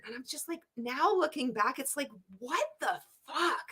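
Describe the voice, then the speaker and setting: A woman's voice: high-pitched, lively intonation, moderate pace, hardly any pauses, bright, forceful tone. A woman hosting a casual reaction livestream, swearing freely, laughing often and reading viewer comments aloud. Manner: profane, laughing often, candid; reads viewer chat aloud. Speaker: livestream host reacting to a show.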